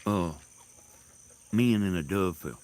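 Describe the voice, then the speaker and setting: A man telling rambling stories in a casual monologue, halting and laughing loudly at his own tales, recorded outdoors in the countryside. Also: low-pitched. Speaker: host. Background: crickets and insects.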